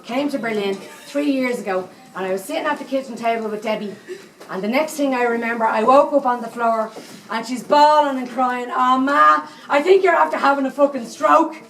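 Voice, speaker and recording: A salty seventy-eight-year-old Dublin psychic, played by a woman on stage, rattles on in a broad Dublin accent and swears at every turn. Her voice sits a little high. It comes across from far off the mic in an echoey live room, with faint venue ambience underneath. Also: brisk, a bit bright, a little hiss or hum. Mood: cheeky. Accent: Dublin Irish. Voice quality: salty, swearing constantly, chatty asides. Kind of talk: live stage comedy monologue.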